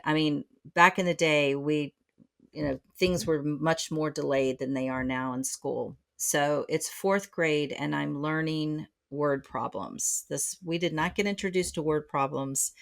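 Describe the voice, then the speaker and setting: A woman's voice: deep voice, gravelly. A middle-aged woman speaking as a psychotherapist guest on a podcast, reflective and full of fillers and restarts. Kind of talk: conversational podcast interview.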